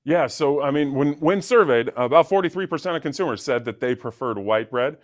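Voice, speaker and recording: Easygoing male chef, mid-pitched voice. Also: expressive, brisk, dry recording, clean studio sound. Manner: easygoing, with fillers and restarts. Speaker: executive chef guest. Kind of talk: TV interview answers.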